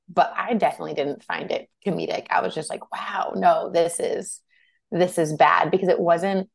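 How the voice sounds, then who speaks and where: A woman's voice: on the low side, creaky, dry recording. A woman from Washington State co-hosting a podcast in casual chat, loose and chatty with digressions. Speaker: podcast co-host.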